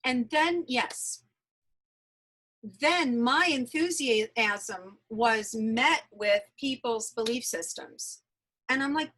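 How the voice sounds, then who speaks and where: A woman's voice: fairly high pitch, lively intonation, slow pace, a bit bright, low-quality recording. A woman guest in an interview, telling her personal story earnestly and emphatically, often repeating phrases. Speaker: interview guest, energy healer.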